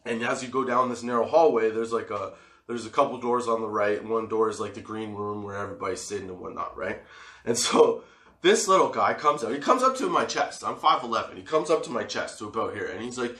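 A man in casual, profane storytelling mode, laughing as he acts out old scenes. His voice is bright and forceful, and the room rings around it with echo. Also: on the low side, a little fast. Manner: profane, laughs often, animated re-enacting. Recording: echoey room.

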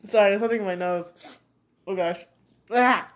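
A young woman vlogger chatting casually about a series, animated and gossipy, with sassy asides. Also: mid-range voice, normal speed. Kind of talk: casual chat reviewing a series.

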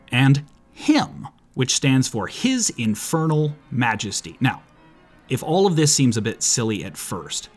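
Man, podcast host, husky, lively pitch, sarcastic, deadpan, profane. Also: unhurried, soft background music. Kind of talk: comedic podcast monologue.

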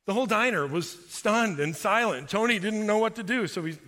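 A man delivers a sermon in a bright, clear voice. He tells a story with animated delivery and leads a prayer. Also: sits high, moderate pace, long reverb tail. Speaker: pastor.

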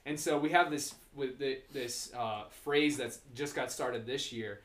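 A young man hosting a student podcast, telling stories in a casual, animated way with many fillers. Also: mid-range voice, measured pace, roomy sound. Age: young adult. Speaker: podcast host. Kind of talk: casual chat.

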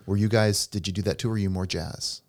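A man's voice: lowish voice, fairly even intonation, fast. A middle-aged man co-hosting a casual podcast, a chatty, jokey storyteller who rambles. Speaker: podcast co-host and pianist. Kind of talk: casual chat.

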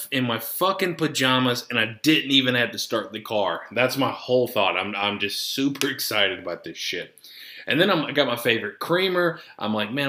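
Profane, rambling man with a bright voice. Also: medium pitch. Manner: profane, rambling, easily sidetracked. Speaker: podcast host. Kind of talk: casual rambling monologue. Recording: roomy echo.

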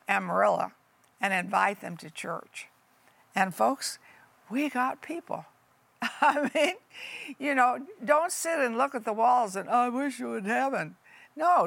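A woman's voice: mid-range voice, creaky, fairly bright tone, no room sound. An older woman pastor giving a folksy, emphatic sermon testimony that calls listeners honey and folks.

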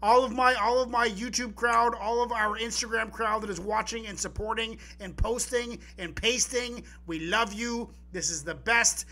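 A high-pitched man co-hosts a live poetry podcast, chatting casually and with excitement. He rambles, restarts his sentences, and now and then lets a curse slip.

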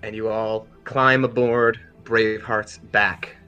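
A man narrating a tabletop game as game master, telling the story in a relaxed way with many fillers. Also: lowish voice, takes it slowly, clear, resonant tone, lo-fi sound, soft background music.

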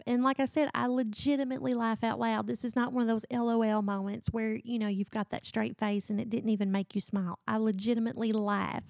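A woman's voice: a little high, no echo, studio quality. A middle-aged woman hosting a book review podcast, chatting casually and gushing about the books she loves. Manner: gushing, enthusiastic.

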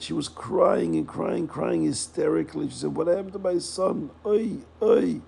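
Male storyteller, animated and repetitive, warm gravelly tone. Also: on the high side. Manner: animated, repeats words and acts out characters' lines. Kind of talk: telling a Hasidic story.

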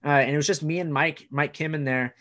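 A man's voice: fairly high pitch, a little fast. A young man, a comedian, telling a story in casual chat, swearing and acting out the voices of others. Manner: lively storyteller, profane, acts out voices. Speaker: comedian and podcast co-host.

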